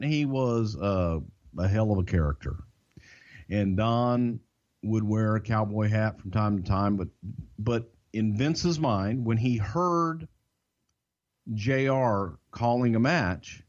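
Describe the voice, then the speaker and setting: A man's voice: lowish voice, lively intonation, a little mellow. Southern man, co-host, drawling and emphatic, swears freely; slightly muffled podcast mic. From Southern United States. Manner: drawn-out, emphatic, salty storyteller. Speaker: podcast co-host and wrestling insider. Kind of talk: casual storytelling. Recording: dull lo-fi podcast audio.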